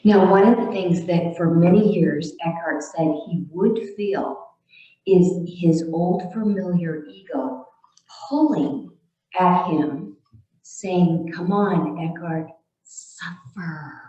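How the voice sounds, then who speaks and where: A female minister giving a sermon in a calm, deliberate way. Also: fairly low pitch. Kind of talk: slow sermon. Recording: echoey, distant, dull sound.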